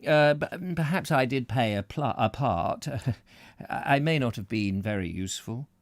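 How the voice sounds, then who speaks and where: A man's voice: medium pitch, animated, no echo, studio quality. A man doing a pompous stammering medium. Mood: flustered. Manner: hesitant, stammering, grandly drawn-out. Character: pompous, self-satisfied male spirit medium, middle-aged.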